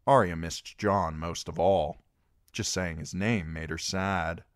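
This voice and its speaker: A man narrating a novel as an amateur audiobook reader, expressive and animated. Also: deep voice, slow pace, no echo, studio quality. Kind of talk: storybook narration.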